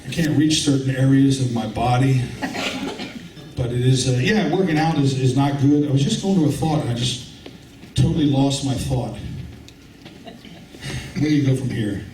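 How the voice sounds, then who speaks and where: A man's voice: medium pitch, normal speed, long pauses. A middle-aged man doing a rambling, crude, self-mocking stand-up comedy set in a club with a live audience. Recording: roomy, distant club recording with loud ambient noise.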